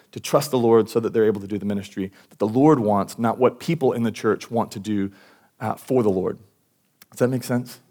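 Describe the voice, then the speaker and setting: A man's voice: mid-range voice, mellow. Man preaching a casual conversational sermon. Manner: conversational, informal preaching with many restarts and "like". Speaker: pastor. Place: church service.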